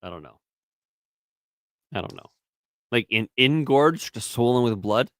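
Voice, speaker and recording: A man's voice: mid-range voice, expressive, a little slow, no echo, studio quality. A man co-hosting a casual live-stream show, reading chat messages aloud and teasing his co-host. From Canada. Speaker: podcast co-host.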